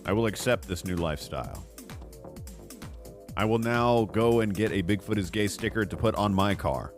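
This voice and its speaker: A man's voice: fairly low pitch, moderate pace, faint music behind. A man streaming a video game, joking and rambling through casual commentary and laughing at himself.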